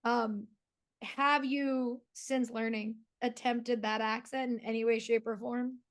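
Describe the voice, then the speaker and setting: Pittsburgh woman, interviewer, somewhat high voice, talkative and quick to laugh. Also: flat delivery. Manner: self-described yapper, laughs easily, cuts sentences short. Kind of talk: casual interview chat.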